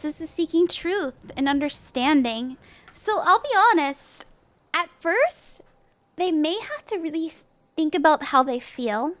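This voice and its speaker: A woman hosting a livestream, giving casual tarot readings in an upbeat, chatty way, with frequent laughs and lots of "like" and "you know". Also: sits high. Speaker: tarot reader and stream host.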